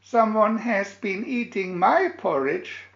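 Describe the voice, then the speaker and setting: A tiny baby bear squeaks out his complaint in a high, small voice, as a man reading a storybook puts him on. The recording sounds dull and echoey. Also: sing-song, takes it slowly, vocal fry, fairly bright tone, exaggerated voice. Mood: plaintive.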